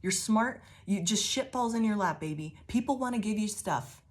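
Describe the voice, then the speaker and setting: A woman's voice: mid-range voice, expressive, moderate pace. A woman giving a casual tarot reading to her viewers, rambling, swearing often, laughing, and showering them with affirmations. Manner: affirming, calls listeners babies. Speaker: tarot reader.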